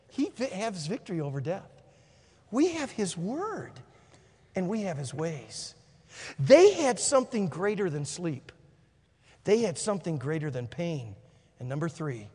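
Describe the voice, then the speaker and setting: High-voiced preacher in an echoing hall. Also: male voice, slightly rough. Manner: storytelling, swinging between hushed and shouted. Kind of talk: sermon. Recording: long hall reverb.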